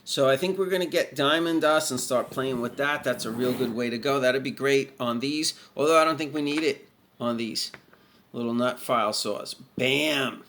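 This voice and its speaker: A man's voice: medium pitch, normal speed, fairly bright tone, a little hiss or hum. Folksy man rambling in a workshop vlog. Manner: rambling, folksy, thinking aloud with fillers. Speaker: guitar repair vlogger.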